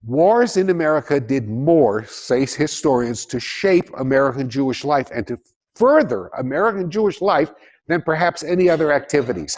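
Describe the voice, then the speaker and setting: A man giving a lecture to a live audience, animated and jokey, often putting questions to the listeners. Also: medium pitch.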